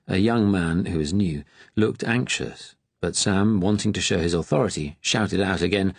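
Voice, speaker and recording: A man reading a novel aloud in a measured, grave manner. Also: sits low, gravelly, breathy edge, no room sound. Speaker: audiobook narrator. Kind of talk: scripted narration.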